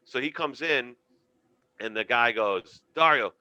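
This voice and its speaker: A comedian guest, male and medium-pitched, tells stories slowly in a casual chat, animatedly acting out the voices of the people in them. The recording is dry.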